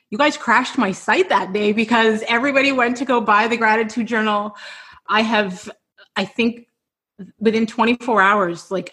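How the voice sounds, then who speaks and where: Effusive woman hosting a video call. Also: mid-range voice. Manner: effusive, tearful, warm affirmations. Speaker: podcast host. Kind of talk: emotional virtual event hosting.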